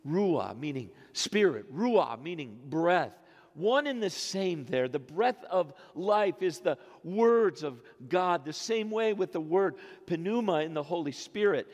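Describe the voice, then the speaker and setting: A pastor in his fifties preaching a sermon, moving between quiet, low phrases and loud, rising exclamations. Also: animated, measured pace. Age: 50s. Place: church sanctuary. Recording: long reverb of a church sanctuary.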